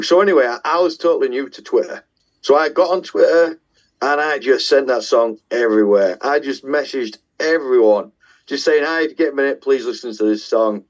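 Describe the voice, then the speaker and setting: On a lo-fi recording, a middle-aged Yorkshire-accented musician appears as a guest, animated and speaking at normal speed in a mid-range voice. His stories are casual and self-deprecating, with the odd swear.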